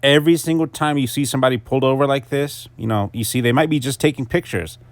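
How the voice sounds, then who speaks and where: A man's voice: medium pitch, fast, no echo. Casual, jokey male motorcycle vlogger. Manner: jokey, self-mocking. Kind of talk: casual voice-over narration.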